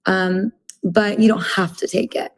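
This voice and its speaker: A woman's voice: medium pitch, fairly even intonation, measured pace. Earnest woman explaining with lots of fillers. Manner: earnest explainer, full of "like" and "you know". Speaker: guest. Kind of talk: casual podcast interview.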